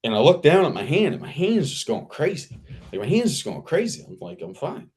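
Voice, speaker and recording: A man, an actor guest, telling a casual anecdote in an animated way, repeating himself and laughing as he talks. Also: fairly high pitch, brisk. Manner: animated, repetitive, laughing mid-sentence.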